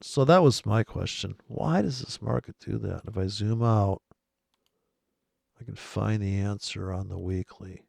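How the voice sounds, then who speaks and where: A man's voice: fairly low pitch, a little slow, creaky, darkish tone, slightly rough, no echo, clean studio sound. A man rambling sarcastically and profanely in casual chat about trading over charts. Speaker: trading commentator.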